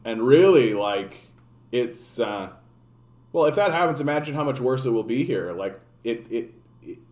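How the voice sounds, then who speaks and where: A man's voice: medium pitch, a little mellow. A man giving a casual political rant as a streamer, sarcastic and profane, rambling with fillers and restarts. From Canada. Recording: echoey room.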